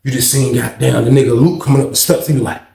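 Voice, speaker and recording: Storyteller: man, animated, gravelly voice, echoey room. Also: mid-range voice, fast talker. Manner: animated, acts out quotes and punch sounds. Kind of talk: casual prison storytelling.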